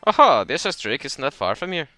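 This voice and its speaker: A man voicing an earnest starship captain who reads his log aloud in a formal, measured way, with a wobbly blend of Scottish and Indian accents. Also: a little high, very animated, sharp tone, faint music behind, voice pushed up. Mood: purposeful. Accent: wobbly mix of Scottish and Indian.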